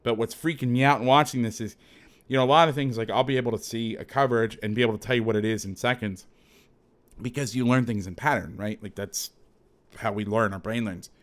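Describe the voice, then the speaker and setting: A man coaching through game film in a casual breakdown, chatty and quick to correct himself. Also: medium pitch, steady tone.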